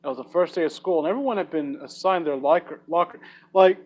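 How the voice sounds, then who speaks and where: A young man reads fan fiction aloud for laughs in a comedic dramatic reading, adding sarcastic, profane commentary. His voice is a little high, fast, and a little mellow, and the recording quality is low.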